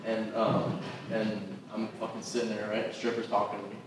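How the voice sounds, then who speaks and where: A man's voice: lowish voice, moderate pace. Foul-mouthed male comedian telling stories, echoey. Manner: swears constantly, animated anecdotes. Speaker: comedian and podcast co-host. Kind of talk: profane casual storytelling. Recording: echoey room, distant mic, noisy.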